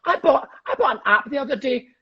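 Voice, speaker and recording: A man's voice: extremely high pitch, expressive, quick pace, pushed and bright, slightly rough, highs cut off. A Scottish comedian in his fifties, chatting cheekily and rambling on a video call, often laughing at his own jokes. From Scotland. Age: 50s. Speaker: comedian guest. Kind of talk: casual livestream chat.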